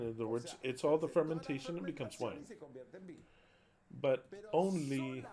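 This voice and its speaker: A man from Argentina, a minister giving blunt, emphatic live commentary on viewer comments, repeating words and cursing. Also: on the high side.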